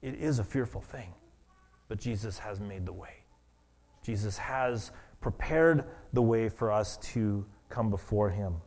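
A man preaching a sermon as pastor, earnest and halting, often restarting his words. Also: on the low side, darkish tone.

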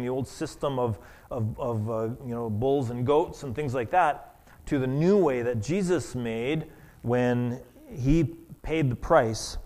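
A man preaching a sermon as pastor, earnest and halting, often restarting his words. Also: medium pitch, darkish tone.

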